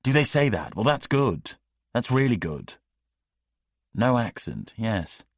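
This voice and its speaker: A man's voice: medium pitch, sing-song, slow, breathy edge, no echo, clean studio sound, voice pushed up, full character voice. A man voicing an eager, ingratiating young male politician in an audiobook. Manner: overly keen, ingratiating. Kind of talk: audiobook character voice.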